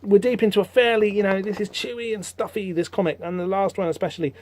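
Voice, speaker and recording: A man hosting a podcast, rambling through a comic book issue in casual, animated commentary with lots of fillers. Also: high voice, quick pace. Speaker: podcast host.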